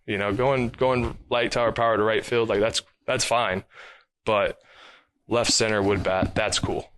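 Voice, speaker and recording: A man who plays professional baseball, telling stories in a casual, animated way with lots of fillers. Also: lowish voice, a little slow, clean tone, no room sound. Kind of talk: casual interview storytelling.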